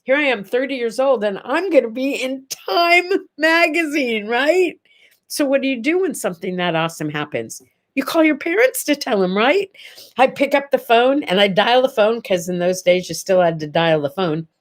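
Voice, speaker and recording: An older woman hosting a casual morning chat, telling stories with lively energy and acting out the voices of the people in them. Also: fairly high pitch, normal speed. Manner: animated, acts out quoted voices in stories. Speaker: livestream host.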